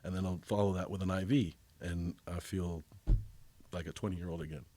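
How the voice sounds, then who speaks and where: A man's voice: low voice, fairly even intonation, fairly quick, dark tone, a little hiss or hum. A man as a podcast guest in casual chat, laid-back and rambling, swearing casually.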